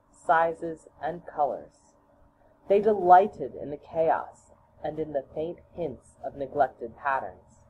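A woman reads a children's storybook aloud in a low voice, slow and deliberate. The audio is tinny and phone-like, with a faint hiss underneath.

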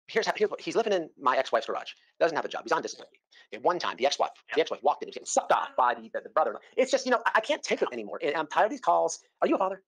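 A middle-aged man making a prank phone call on a live stream, loud, exasperated and rambling, repeating his words. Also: a little high, very animated, very fast.

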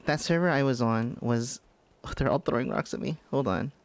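A man doing live gameplay commentary as a VTuber streamer, excitable and giggly, panicking and repeating words in bursts. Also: medium pitch, moderate pace, creaky.

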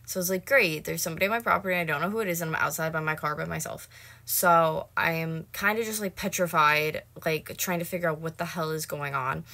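A woman's voice: low voice, fast talker, gravelly, bright, forceful tone. A woman in her late twenties telling a story to camera in a casual vlog, swearing and heated. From North America. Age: late 20s. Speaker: vlogger.

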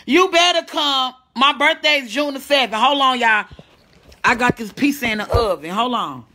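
A woman's voice: sits high, expressive, normal speed, pushed and bright. A woman from the American Midwest hosting a casual, profane livestream from home, reading and answering viewer comments. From St. Louis, USA. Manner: brash, profane, reads viewer comments aloud. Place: at home, indoors.

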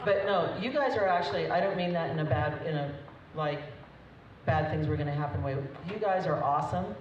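A deep-voiced woman, the groom's mother, speaks briskly in an unscripted wedding toast that's chatty, emotional, and punctuated by laughter. The reception hall recording is distant, dull, and echoey, with a crowd audible.

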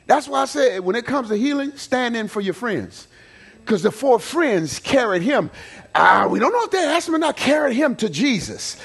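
A man preaching a sermon as pastor, in a folksy, playful manner, swinging between loud shouted lines and quiet asides. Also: very high-pitched, big pitch swings, moderate pace, creaky, breathy edge. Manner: preaching with rising shouts and dramatic swings of volume; folksy, playful storytelling with acted quotes.

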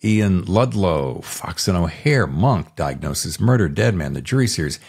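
A man's voice: deep voice, expressive, moderate pace, a little mellow, breathy edge. A man hosting a podcast interview, chatting in an effusive, rambling, enthusiastic way. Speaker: podcast host. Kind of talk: casual interview chat.

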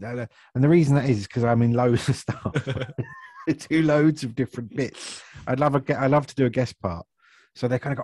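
A man, chatting as an actor guest in a relaxed interview, self-deprecating and laughing often. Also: mid-range voice, normal speed, dry recording. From Essex, England. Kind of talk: casual interview chat.

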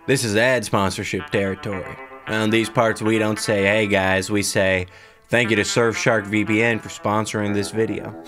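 A man's voice: flat delivery, moderate pace, a bit bright, soft background music, lightly acted. A man doing a folksy, drawling cowboy voice for a sponsor read. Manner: folksy sales pitch drawl.

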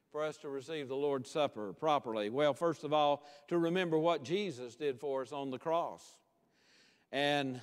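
A male pastor preaching a sermon with emphatic, repeated calls to commitment, easing into a quiet prayer. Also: high voice, clear, resonant tone. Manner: impassioned preaching with rising emphatic repetition, then quiet prayer. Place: church sanctuary. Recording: long church-hall reverb.

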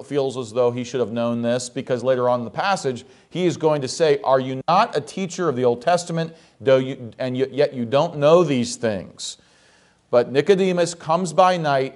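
Guy preaching a sermon in church, reads scripture then asks the folks questions. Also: on the high side. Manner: expository preaching, rhetorical questions to the congregation. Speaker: pastor.

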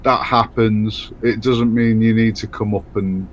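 A British man casually chatting with callers on his live stream in a relaxed, slangy way. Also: on the low side, measured pace, slight background noise.

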